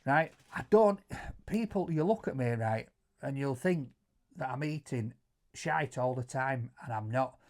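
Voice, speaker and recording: A middle-aged man with a Yorkshire accent telling stories in casual chat, animated, stumbling over repeated words and loudly acting out quotes. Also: medium pitch, unhurried. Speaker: co-host answering viewer questions.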